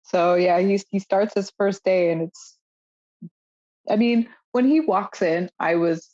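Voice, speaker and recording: A young woman co-hosting a podcast, recapping a show in casual, animated chat full of fillers and swearing. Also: mid-range voice, measured pace, dull audio. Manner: animated, swearing, lots of fillers and quoted lines. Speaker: podcast co-host.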